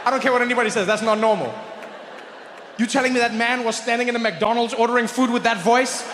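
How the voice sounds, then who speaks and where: A man doing stand-up comedy with a South African accent, animated, slipping into different voices and impressions. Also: extremely high pitch, quick pace. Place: large venue with live audience. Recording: echoey hall, crowd noise.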